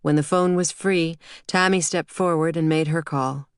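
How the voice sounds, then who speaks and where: A woman narrating an audiobook in a steady, measured reading. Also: low-pitched, clean tone, no echo, clean studio sound. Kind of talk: scripted narration.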